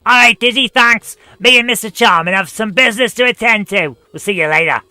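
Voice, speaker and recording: A man's voice: sits high, brisk, sharp tone, dry recording, faint music behind, voice pushed up. A man voicing a perky young woman in a video game, in a chirpy, breezy way. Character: perky young frog-turned-girl.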